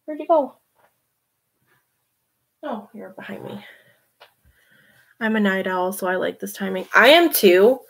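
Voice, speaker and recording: A woman's voice: medium pitch, normal speed, gravelly, long pauses. A woman hosting a casual late-night livestream, chatting, reading comments and laughing often. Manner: chatty, laughs often, talks to her cat. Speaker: livestream host.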